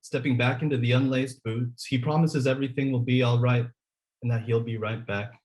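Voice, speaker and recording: A man author reading a passage of prose aloud at a literary festival, steady and even. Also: mid-range voice, a little fast.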